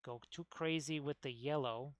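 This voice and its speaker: A man's voice: a little high, moderate pace, dry recording. A man hosting a casual miniature painting stream, rambling as he works and chatting with viewers. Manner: rambling, talks while working, chats with viewers. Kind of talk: casual painting tutorial chat.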